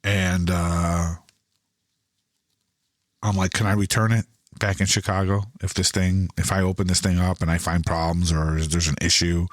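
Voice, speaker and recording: A middle-aged man tells a rambling story in casual podcast chat, acting out what each person said. His voice sits very low. The sound is dry, with little room around it. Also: normal speed, no echo. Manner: animated storyteller who acts out both sides of conversations; loose, rambling delivery with many restarts.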